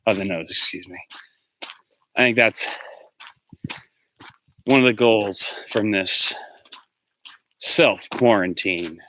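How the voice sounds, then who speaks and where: Guy livestreaming his walk, lowish voice, rambly chat, faint street noise and dogs behind. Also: takes it slowly, pauses often, bright, forceful tone. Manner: rambling, chatty, answers viewers by name. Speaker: livestream host and musician. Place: outdoors, walking through a neighborhood. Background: faint street noise, dogs barking in the distance.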